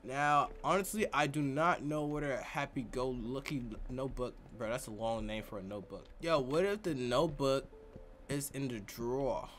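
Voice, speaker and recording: A man giving excitable, joking gameplay commentary full of slang. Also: mid-range voice, normal speed, a little hiss or hum. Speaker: gaming youtuber. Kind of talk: let's play commentary.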